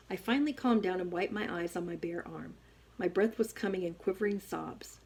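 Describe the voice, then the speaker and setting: A woman reading a first-person novel aloud as an audiobook, with expressive storytelling. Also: on the low side, a little fast, slightly rough. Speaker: audiobook reader.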